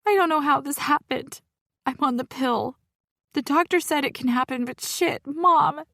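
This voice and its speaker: A woman's voice: sing-song, measured pace, no room sound, clean studio sound. A woman narrator voicing a tearful, distraught young woman who is crying in an audiobook. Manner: distraught, voice pitched up. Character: young woman, panicked, tearful, newly pregnant. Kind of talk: audiobook character voice.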